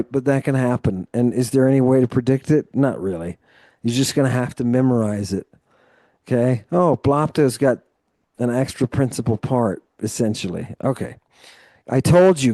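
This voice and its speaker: A man's voice: medium pitch, dark tone, no echo, studio quality. A man tutoring a student one-on-one through Greek vocabulary, explaining grammar at length and encouraging her. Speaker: Greek teacher. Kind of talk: live tutoring session.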